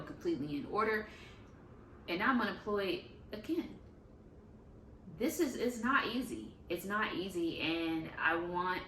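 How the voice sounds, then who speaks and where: A woman's voice: medium pitch, fairly bright tone, recorded from a distance, slight background noise. A young woman talking candidly in a casual confessional vlog, often saying "like" as she goes. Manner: candid and talkative, uses 'like' often. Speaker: faith vlogger. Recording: echoey room, faint ambience.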